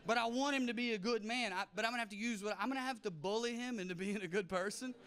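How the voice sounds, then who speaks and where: Performing stand-up before a live audience, a Southern US man in his thirties speaks fast in a high, clear, resonant voice. His set is brash and punchy, with mock-shouting crowd work.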